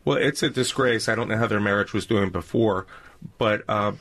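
A man's voice: on the low side, moderate pace, a bit bright. A man appearing as a guest on a radio panel, a former senator who speaks hesitantly, starting over often. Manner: hesitant, many fillers and restarts.

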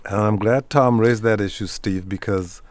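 Chuckling radio host, dry studio sound. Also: male voice, lowish voice, fairly even intonation, moderate pace, no room sound. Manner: inquisitive, chuckles between remarks. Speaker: radio talk show host. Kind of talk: radio talk show interview.

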